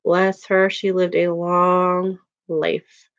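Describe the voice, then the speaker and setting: A woman's voice: lowish voice, little pitch movement, drawn-out words, highs cut off. A woman, chatting casually with her viewers, laughing often and using lots of filler words. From Chicago, USA. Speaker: livestream host. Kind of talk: casual chat reading viewer comments.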